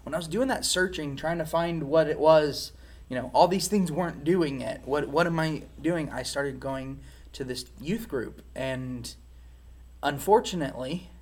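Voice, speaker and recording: Male interview guest, fairly high voice, candid and reflective personal testimony. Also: measured pace, a little mellow. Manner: reflective, frank storytelling.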